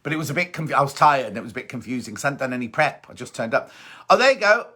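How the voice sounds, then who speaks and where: A man's voice: mid-range voice, big pitch swings, rapid-fire, pushed and bright. A middle-aged man presenting a sewing show, reading out viewer comments and chatting about them in a gossipy, teasing way. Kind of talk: casual live chat reading viewer comments.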